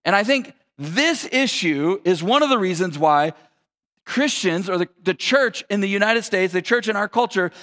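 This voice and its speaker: A man's voice: sits high, animated, moderate pace, a bit bright, big-room sound. A man preaching a sermon as a pastor, in a casual, conversational and slangy way.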